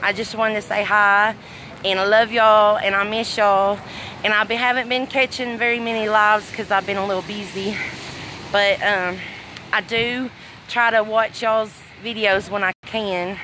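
A woman's voice: medium pitch, steady tone, a little slow, pushed and bright, a little hiss or hum, low-quality recording. A middle-aged woman from Arkansas with a Southern accent, chatting casually on a livestream outdoors, a little out of breath and reading comments aloud. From Arkansas, USA. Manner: chatty, affectionate, reads comments aloud, frequent laughs. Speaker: livestream host. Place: outdoors at a fireworks tent after a storm. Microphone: phone held at arm's length.

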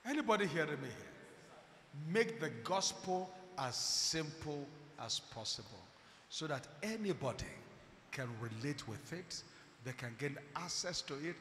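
A man preaching a dramatic sermon, swinging from shouts to hushed tones and calling out to the congregation. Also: a little high, sing-song, measured pace, slight background noise. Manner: calls out to the congregation. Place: church hall. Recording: echoey church hall.

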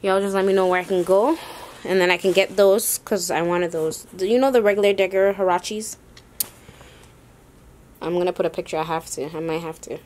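A woman's voice: lowish voice, fairly even intonation, fairly quick, a little mellow, slight background noise. A young woman casually vlogging a sneaker haul, chatty and rambling, talking to her viewers and short of breath. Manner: chatty, addresses viewers as y'all, rambling asides.

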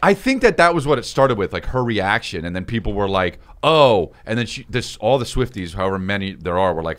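A man's voice: fairly low pitch, lively intonation, fast talker, hardly any pauses, fairly bright tone. A man co-hosting a comedy podcast, chiming in often and agreeing readily in casual banter. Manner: agreeable, chimes in with repeated affirmations. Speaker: podcast co-host.

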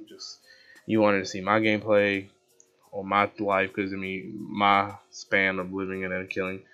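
A man casually commentating over his own gameplay footage, rambling, excitable and poking fun at himself. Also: sits low. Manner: rambling, excitable, self-mocking. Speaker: gaming channel host. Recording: dull lo-fi with background music.

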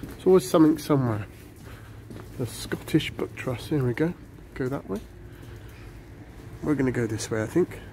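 A man's voice: medium pitch, animated, moderate pace, long pauses, warm tone. A man narrating a casual walking vlog outdoors in light rain, chatty and rambling, filmed on a handheld camera. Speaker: vlogger. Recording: noisy street with traffic.

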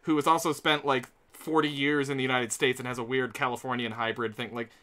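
A man's voice: medium pitch, flat delivery, a little fast, bright, forceful tone. A man hosting a casual podcast chat, playful and teasing, laughing often. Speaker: podcast host.

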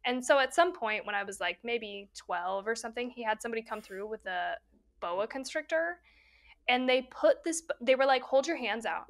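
A woman's voice: on the high side, normal speed. A young adult woman co-hosting a casual podcast, telling stories animatedly with frequent laughs and lots of "like". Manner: animated storyteller, laughs often, says "like" a lot. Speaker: podcast co-host. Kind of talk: casual chat.

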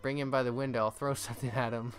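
A man voicing a joking, bedridden reindeer dad from a video game, gruff and folksy. It is close to his everyday voice, with game music playing softly underneath. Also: mid-range voice, flat delivery, fast, natural voice.

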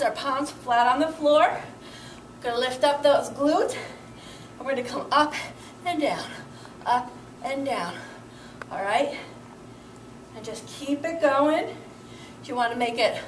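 Breathless, high-voiced woman fitness instructor. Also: fairly bright tone, reverberant, distant mic, slight background noise. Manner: upbeat, encouraging, counts reps while exercising. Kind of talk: workout instruction. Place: indoor room with carpeted floor.

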